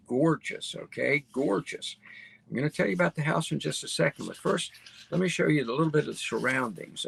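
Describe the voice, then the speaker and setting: Here the host, a middle-aged man, has a higher, creaky voice with some breathiness, recorded with no room sound. He guides viewers through an on-screen listing in a casual, excited way, tagging phrases with "okay?" and saying things more than once.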